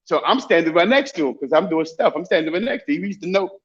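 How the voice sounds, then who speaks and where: Animated man telling stories, lo-fi. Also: fairly high pitch, fast. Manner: animated, many repeats and restarts. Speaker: guest. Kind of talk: casual storytelling.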